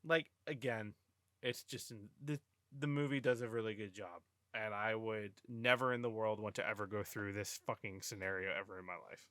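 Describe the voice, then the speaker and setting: A man co-hosting a casual movie podcast, relaxed and joking about the film. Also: lowish voice, normal speed, no room sound. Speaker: podcast co-host. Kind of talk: casual chat.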